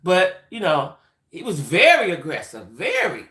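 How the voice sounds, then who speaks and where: An adult woman hosting a livestream, telling a story in a chatty, animated way and talking straight to her viewers. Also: lowish voice, measured pace. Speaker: livestream host. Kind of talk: casual storytelling chat. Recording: roomy echoey room.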